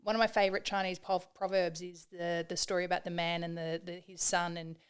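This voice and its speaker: An Australian woman of around forty opens up as a podcast guest, earnest and reflective, often stopping and restarting her thoughts. Her voice is smooth and clear and sits fairly low for a woman. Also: little pitch movement, a little fast. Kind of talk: candid personal storytelling.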